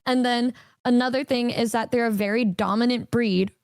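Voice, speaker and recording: Blunt young woman, high and dry. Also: fairly even intonation, normal speed, darkish tone, no room sound. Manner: blunt, matter-of-fact, swears casually. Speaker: streamer. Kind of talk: casual chat.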